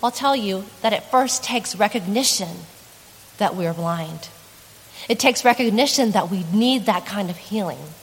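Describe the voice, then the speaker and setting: A woman's voice: mid-range voice, lively intonation, measured pace, slightly rough, big-room sound, low-quality recording. A woman pastor delivering a sermon in an earnest, conversational way, adding dramatic emphasis.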